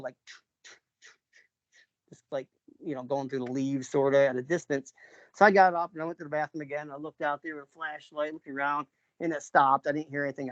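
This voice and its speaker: A man from New York telling a personal story in a loose, rambling way, full of fillers and restarts, often clearing his throat. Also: a little high, dry recording. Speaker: interviewee, father recounting an encounter. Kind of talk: casual spoken storytelling. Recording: dull lo-fi recording.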